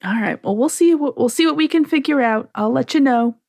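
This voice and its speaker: A woman playing a busy young woman who talks briskly and wants to get going. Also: sits high, darkish tone, no echo, studio quality, voice pushed up.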